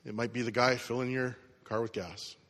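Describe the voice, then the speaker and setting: Middle-aged guy preaching, chatty storyteller, bright edgy voice, big hall echo. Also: mid-range voice, fairly even intonation, moderate pace. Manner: casual, conversational storytelling with acted quotes. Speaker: pastor. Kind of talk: sermon with storytelling. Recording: long hall reverb.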